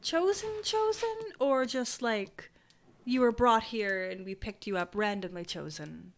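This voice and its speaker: Slow-talking bright woman game master. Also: mid-range voice, fairly even intonation, creaky. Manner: laughs often, breaks off mid-sentence. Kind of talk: narrating and voicing a tabletop game. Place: home.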